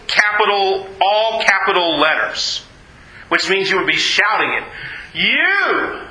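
A man preaching a sermon, emphatic, repeating words and dropping low and slow on key phrases. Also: pushed and bright, echoey room, low-quality recording.

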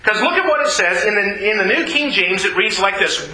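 A man's voice: high-pitched, lively intonation, a little fast, few pauses, sharp tone. A man preaching a Bible teaching sermon, explaining things in a patient, teacherly way. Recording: roomy echoey room.

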